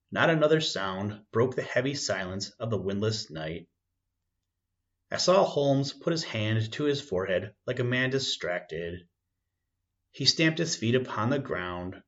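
A man narrating a first-person story in a measured, dramatic reading, on a dull lo-fi recording. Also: lowish voice. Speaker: audiobook narrator.

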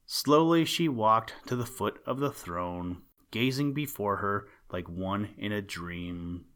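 A man reading an old storybook tale aloud in a calm, measured way. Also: lowish voice, clear, resonant tone.

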